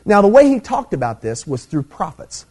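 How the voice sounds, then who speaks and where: A man's voice: sits high, sing-song, moderate pace, darkish tone, slightly rough. A middle-aged man preaching a sermon, teaching emphatically and checking in with "okay?" as he goes. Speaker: pastor.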